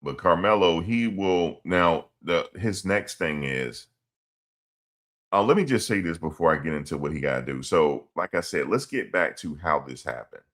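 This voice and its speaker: A man's voice: low voice, expressive, normal speed, a bit bright. A man streaming, rambling through a story in casual slang and repeating his phrases. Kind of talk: casual livestream commentary.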